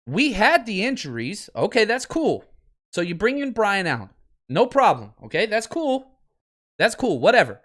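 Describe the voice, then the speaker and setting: A man hosting a sports podcast, ranting in an animated, exasperated way at a close desk mic, going from near-shouting to low muttering. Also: normal speed. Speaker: podcast host. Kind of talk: sports talk rant.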